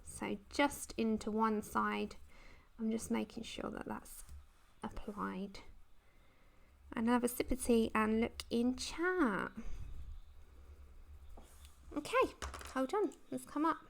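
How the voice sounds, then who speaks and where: A woman's voice: fairly high pitch, slow pace, gravelly, pauses often. A woman hosting a casual colouring livestream, chatting and giggling as she reads the chat. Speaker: livestream host.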